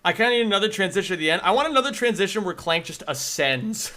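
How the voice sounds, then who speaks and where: An excitable man streams a video game, rambling through his reactions and breaking into laughter. His voice sits high and bright, swinging widely in pitch as he talks. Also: fast. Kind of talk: live gameplay commentary.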